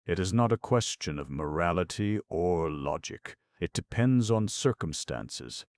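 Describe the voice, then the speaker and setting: A man's voice: low-pitched, measured pace, dry recording, studio quality. A man voicing a mild, resigned old-world doctor. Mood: reasoning. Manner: calm, reasoning, apologetic. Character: mild, resigned middle-aged male doctor.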